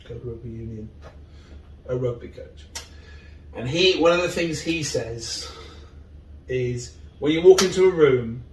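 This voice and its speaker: A man talking as a guest in a casual interview, earnest and open, and he rambles a little when he gets excited. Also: medium pitch, a little hiss or hum. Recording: roomy, distant mic.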